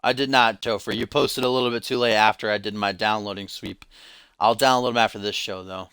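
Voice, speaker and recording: Bright, crisp-voiced man calling a wrestling game. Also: lowish voice, fairly even intonation, fairly quick, no room sound. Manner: joking, teasing chat asides. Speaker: stream host and commentator. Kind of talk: live play-by-play of a wrestling video game.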